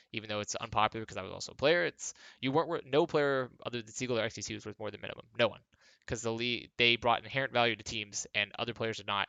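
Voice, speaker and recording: Crisp, bright-voiced young man rambling. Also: fairly low pitch, no echo. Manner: rambling, filler-heavy, dryly sarcastic. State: tired. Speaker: former esports pro player and commentator. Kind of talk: casual monologue vlog. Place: home workspace.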